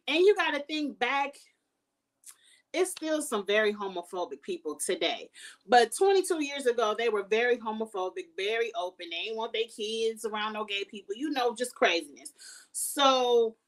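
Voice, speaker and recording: A woman's voice: on the high side, animated, moderate pace, far from the mic. A woman hosting a casual review vlog, recapping a reality show in a sassy, shady, blunt way.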